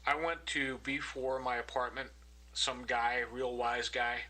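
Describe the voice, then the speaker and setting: Bright husky indignant man. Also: medium pitch, level tone, measured pace, low-quality recording. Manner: indignant, accusing, repetitive. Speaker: vlogger narrating his own recordings. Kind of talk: angry complaint narration.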